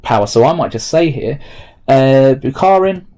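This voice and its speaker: Man, teacher, remote lesson walkthrough, thinks aloud while typing, warm mellow tone, mid pitch. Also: moderate pace. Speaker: history teacher.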